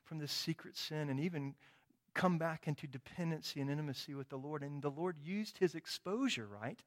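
A man's voice: fairly high pitch, a little fast. A middle-aged man preaching a sermon, telling a personal story with quoted dialogue and frequent tag questions. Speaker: pastor.

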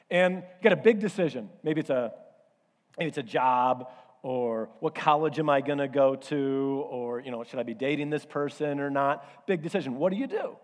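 Guy preaching a sermon, chatty storytelling, bit of a higher voice, big echoey church hall. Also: darkish tone. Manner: conversational, storytelling, self-deprecating. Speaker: pastor. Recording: reverberant hall.

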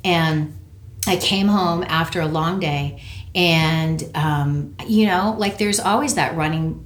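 A woman's voice: low voice, slow. Earnest woman talking in an echoey room. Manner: earnest, reflective, animated when retelling. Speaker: network care practitioner, guest. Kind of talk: conversational interview storytelling. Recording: roomy echo.

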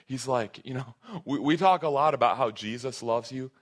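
A man's voice: mid-range voice, normal speed. A man preaching a sermon to his congregation in an earnest, conversational way, often restarting his phrases. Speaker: pastor.

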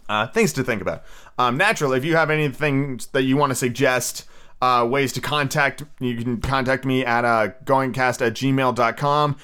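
A man's voice: mid-range voice, moderate pace, pushed and bright, clean tone. A young man hosting a podcast, reading a classic novel aloud and breaking off into blunt, profane, opinionated asides. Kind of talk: casual audiobook reading with rants.

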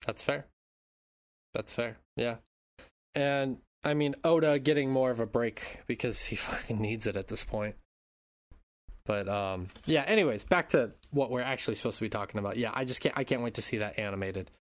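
A man's voice: mid-range voice, moderate pace. A man co-hosting a podcast in laid-back casual chat who swears freely. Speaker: podcast co-host.

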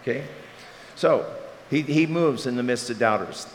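A middle-aged man from Maryland preaching a sermon, an animated storyteller who tosses in joking asides. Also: mid-range voice, normal speed. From Maryland, USA. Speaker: pastor. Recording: reverberant hall, faint hiss.

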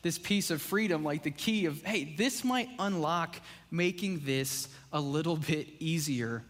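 A man with a fairly high voice gives a casual, conversational sermon, leaning on "like" and "right?" as he talks to the congregation. The sound carries a long reverb from the church hall around him. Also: unhurried, a bit bright. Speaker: preacher. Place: church sanctuary.

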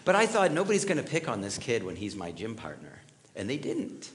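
A middle-aged pastor's mid-range voice swoops wildly in pitch at a fairly quick pace, with a little hiss or hum in the background. He delivers his sermon conversationally, telling personal stories and asking his listeners questions.

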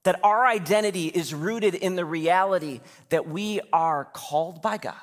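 Lively pastor in echoing church. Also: male voice, high voice, moderate pace. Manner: conversational, lively preaching with casual asides. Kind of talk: sermon. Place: church sanctuary.

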